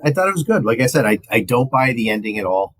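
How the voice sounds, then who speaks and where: Husky-voiced man rambling a film review. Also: mid-range voice, quick pace, rough recording. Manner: rambling, animated, mimics movie lines. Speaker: podcast co-host. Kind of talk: casual film review chat.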